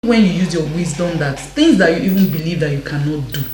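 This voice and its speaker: Female panel guest, very low pitch, emphatic and repetitive, roomy echo. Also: animated, fairly quick, crowd noise. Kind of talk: faith-based panel discussion. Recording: echoey room.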